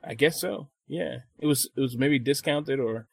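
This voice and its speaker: A man co-hosting a casual podcast chat, swearing freely and telling animated stories. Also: medium pitch, normal speed, vocal fry, slightly rough, dry recording. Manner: profane, animated storytelling with mimicked voices. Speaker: podcast co-host.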